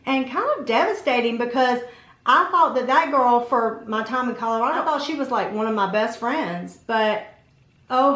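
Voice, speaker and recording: A woman vlogger and mom casually telling a personal story in an animated way, acting out what people said. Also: on the high side. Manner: animated, acts out quotes in her telling. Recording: roomy echo.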